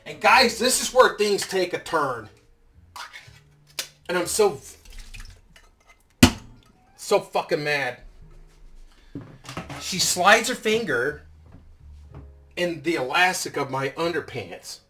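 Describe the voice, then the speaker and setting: High, lively man in his fifties ranting. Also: slow pace, pauses often, distant mic, faint music behind. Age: 50s. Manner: profane, heated ranting. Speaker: vlogger. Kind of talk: casual storytelling.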